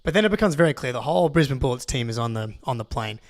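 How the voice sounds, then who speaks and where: A young Australian man, co-host of a podcast, telling a long story in an excitable, rambling way with lots of restarts. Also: medium pitch, rapid-fire, no echo. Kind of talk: casual storytelling.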